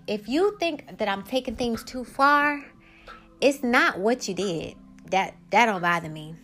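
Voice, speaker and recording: A woman, hosting her own podcast in a casual monologue that turns heated as she vents. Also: mid-range voice. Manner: animated, rising to heated venting. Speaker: podcast host.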